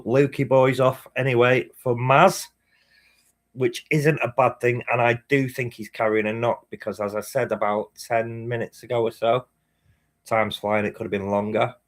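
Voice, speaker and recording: A man hosting a live match watchalong, chatting casually, swearing and reading chat messages aloud. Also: mid-range voice. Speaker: fan channel host.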